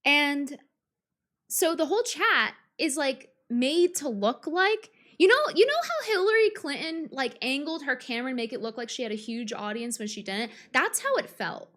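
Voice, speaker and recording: Woman, streamer, higher-pitched voice, combative, swears a lot, stumbling restarts, live-stream rant. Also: lively intonation, normal speed, a bit bright. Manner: combative and profane, with frequent fillers and restarts.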